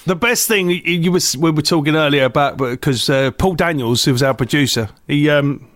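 A man's voice: a little high, a little fast, a bit bright, no echo. A man co-hosting a football podcast in casual chat, joking around and slipping into voices for his stories. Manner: jokey, puts on voices in anecdotes. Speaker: podcast co-host.

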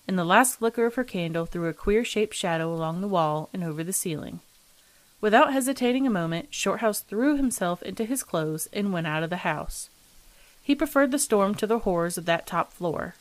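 A woman reading a ghost story aloud in a measured, even storytelling voice. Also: lowish voice, no echo. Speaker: story reader.

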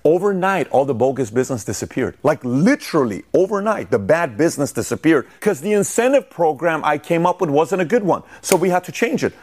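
A middle-aged man hosting a motivational commentary video, telling stories with animated emphasis. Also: a little high, a little fast, hardly any pauses. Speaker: host.

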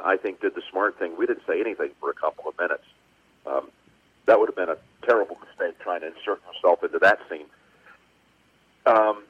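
A man's voice: sits low, husky. A man, a sportscaster guest, reflecting at length on a radio show, speaking over a phone line. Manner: warm reflective storytelling with frequent pauses. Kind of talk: casual radio interview. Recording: tinny phone line with music.

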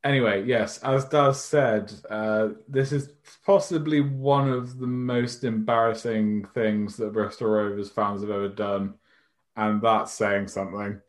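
A man's voice: fairly low pitch, fairly even intonation, unhurried. A man co-hosting a podcast in casual chat, rambling and self-mocking, swearing freely. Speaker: podcast co-host.

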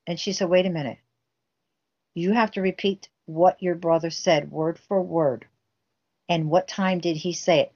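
A woman's voice: fairly low pitch, highs cut off. A woman guest telling a family story intensely, acting out the quoted dialogue herself. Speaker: guest recounting a family case. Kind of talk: emotional storytelling interview.

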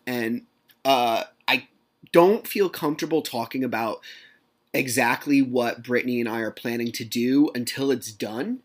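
A man's voice: mid-range voice, measured pace. A man hosting a solo podcast, chatting casually and telling stories animatedly, reenacting conversations and swearing now and then. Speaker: podcast host.

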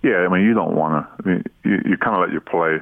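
A man talking basketball as a guest on a sports radio show, easygoing and halting with restarts. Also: sits low, gravelly, no room sound, narrow, tinny audio. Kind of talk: casual radio chat.

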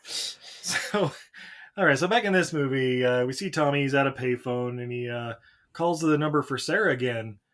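A man co-hosting a podcast in casual chat, joking and laughing as he acts out film scenes in quick voices. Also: medium pitch, a bit bright. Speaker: podcast co-host. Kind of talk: casual chat recapping a movie.

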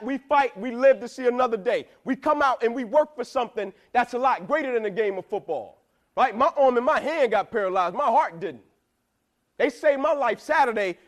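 Emphatic high-voiced male motivational speaker. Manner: emphatic, repetitive, asks "right?" a lot, slangy. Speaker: motivational speaker to college football players. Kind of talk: motivational speech.

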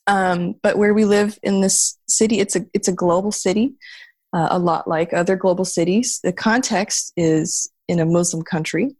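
A woman with a lowish, steady, slightly mellow and slightly rough voice chats casually as a guest on a podcast, still sounding like she just woke up. She speaks at a moderate pace, laughs often, and restarts words, with no room sound in the recording.

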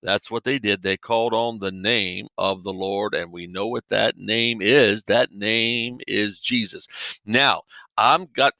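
A man's voice: fairly low pitch, fairly even intonation, takes it slowly, gravelly, pushed and bright, no echo. A middle-aged man host preaching a podcast sermon, fervent and emphatic with exclamations.

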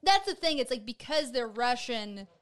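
A woman's voice: fairly high pitch, lively intonation, moderate pace. A woman co-hosting a podcast, chatting casually, hedging with "like" and laughing easily. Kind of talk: casual chat.

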